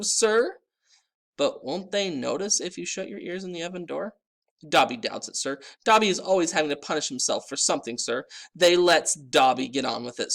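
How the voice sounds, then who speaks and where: A man reading a storybook aloud and voicing a small, tearful, groveling male house elf in a high-pitched, excitable way. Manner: earnest, excitable, wailing.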